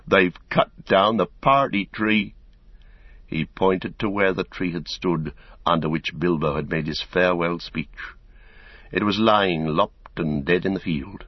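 Deep-voiced man narrating an audiobook. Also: steady tone, measured pace, husky, dry recording. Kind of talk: scripted narration. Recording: dull, dry recording.

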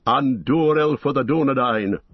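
A man's voice: on the high side, moderate pace, no echo, highs cut off, pitched above the performer's own voice. A man voicing a noble, resolute male warrior leader with a rallying way of speaking. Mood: battle cry.

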